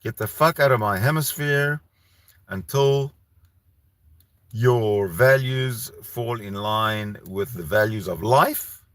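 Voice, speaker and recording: A Canadian man hosts a rambling solo livestream, heated and profane, often restarting his sentences. His voice sits on the low side, slow and a bit bright, with no echo.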